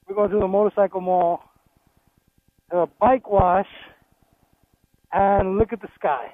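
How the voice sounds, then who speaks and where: Out on town roads on his motorcycle, a man from New York City chats casually as he vlogs, animated, joking and full of swearing. He speaks unhurriedly in a high, steady voice. The recording is dry, tinny and phone-like, with loud music over it.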